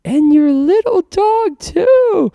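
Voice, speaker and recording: A man voicing the Wicked Witch of the West, a spiteful witch, in a shrill, screeching falsetto. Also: expressive, slow, vocal fry, dark tone, dry recording, clean studio sound, heavily acted. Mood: menacing.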